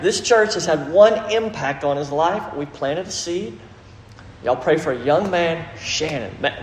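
A middle-aged man preaching a sermon, telling a story with animated delivery and acted quotes. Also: on the high side, slight background noise. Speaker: pastor. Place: large church hall. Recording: echoey hall, faint ambience.

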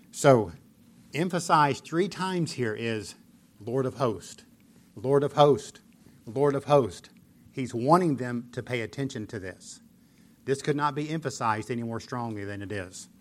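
A man preaching a sermon, explaining scripture earnestly and pressing points with emphatic repetition. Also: medium pitch. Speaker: pastor.

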